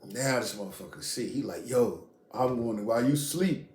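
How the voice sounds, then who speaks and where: A middle-aged man from Queens, casually telling a story in street slang and profanity, animated and blunt. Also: mid-range voice, normal speed. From Queens, New York. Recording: echoey room, faint noise.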